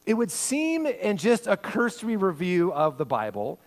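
A male pastor preaching a sermon, swinging between loud, acted-out quotes and hushed, intimate passages. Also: high-pitched, huge pitch swings, normal speed.

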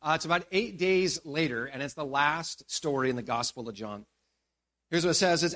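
A man's voice: fairly high pitch, lively intonation, normal speed, a bit bright, no room sound. A man in his forties preaching a sermon as pastor, reading scripture and then retelling it in a casual, storytelling way with asides to the congregation. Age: 40s.

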